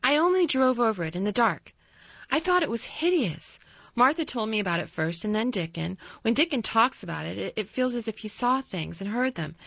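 A woman's voice: mid-range voice, vocal fry, fairly bright tone, no echo, voice pushed up. A woman voicing a contrary, blunt little girl who talks in an earnest, insistent way, in a slightly dull, dry recording.

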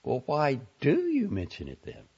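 A man's voice: medium pitch, huge pitch swings, moderate pace, slightly rough, pitched above the performer's own voice, full character voice. A man voicing a nervous, exasperated young woman in an audiobook reading, talking sharply and pleadingly. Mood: testy. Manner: sharp, pleading, raised in heat. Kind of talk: audiobook character voice. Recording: dull lo-fi audio.

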